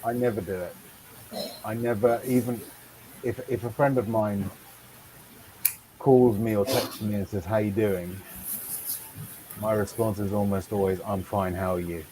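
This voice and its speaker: A man with a lowish, mellow voice speaks quietly and reflectively on a podcast panel. His delivery is calm and unhurried. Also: rough recording. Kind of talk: candid panel talk.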